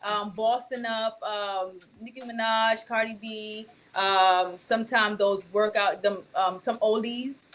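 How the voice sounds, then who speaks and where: A woman's voice: medium pitch, steady tone, slow pace, hardly any pauses, a bit bright. A woman guest chatting casually in a radio interview, bubbly and laughing often, with frequent ums and restarts. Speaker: actress and author guest.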